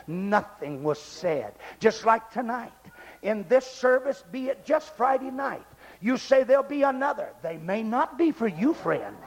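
Man, preacher, very high voice, fiery revival sermon, shouting with sudden low quiet stretches, church service. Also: big pitch swings, measured pace, big-room sound. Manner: shouting, dramatic swings from loud cries to low quiet passages.

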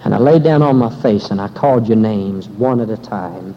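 A man preaching a fiery revival sermon as pastor, swinging from hushed storytelling to loud, emphatic warnings. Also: fairly low pitch, normal speed, hardly any pauses, long reverb tail. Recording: dull lo-fi recording with faint hiss.

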